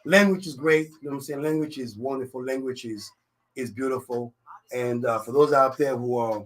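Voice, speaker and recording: A man's voice: medium pitch, a little fast. A man from Africa with a French accent, hosting a live radio talk show in a studio and chatting casually, with filler phrases in nearly every line. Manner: rambling, constant "you know what I'm saying" fillers; confident, jokey. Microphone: studio microphone.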